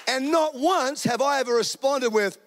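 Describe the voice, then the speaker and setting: High-voiced Australian preacher, joking. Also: male voice, slight background noise. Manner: animated, joking storyteller with quick asides. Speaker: guest preacher. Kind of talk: sermon.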